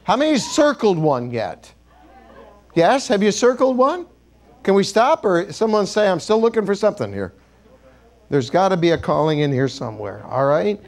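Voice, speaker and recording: A man preaching in a church with a high, lively voice that swings up and down. He jokes with the congregation and has them repeat key words after him. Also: normal speed, creaky. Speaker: bishop. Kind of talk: sermon.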